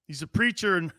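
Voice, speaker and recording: A man hosting a sports talk show, telling stories in a loose, animated way with frequent laughter and some cursing. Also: high voice, no room sound, clean studio sound. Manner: animated storyteller, laughs often, curses. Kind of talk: casual sports radio chat.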